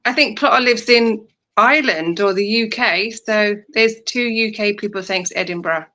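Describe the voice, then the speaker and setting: A woman's voice: mid-range voice, normal speed, bright, forceful tone. A woman chatting as co-host on a livestream, joking and lightly exasperated. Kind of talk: casual livestream chat.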